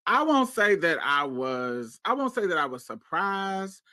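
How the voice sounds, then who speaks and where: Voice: mid-range voice, big pitch swings, unhurried, sharp tone, no echo. A panel host gossiping in casual chat, sassy and laughing often.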